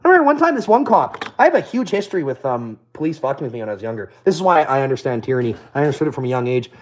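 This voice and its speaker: A man's voice: mid-range voice, sing-song, rapid-fire. A young man telling profane, boastful stories in a casual rant.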